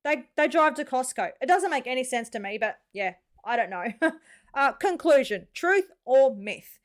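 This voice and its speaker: A woman's voice: sits high, animated, moderate pace. A woman with an Australian accent hosting a reaction video, chatting casually and informally straight to her viewers.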